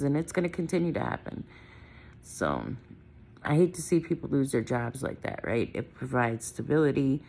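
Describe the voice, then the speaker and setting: A woman's voice: very deep voice, vocal fry, a little mellow. A middle-aged woman from Wisconsin, talking casually and with strong opinions in a vlog from her car, often ending thoughts with "right?". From Wisconsin, United States. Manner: chatty, opinionated, trailing off with "right?" and "I don't know". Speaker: vlogger.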